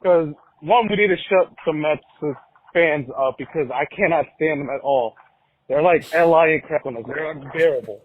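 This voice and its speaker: A man's voice: fairly high pitch, normal speed, slight background noise. A man chatting casually and joking as a call-in guest, rambling with fillers. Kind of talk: casual chat. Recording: tinny phone line.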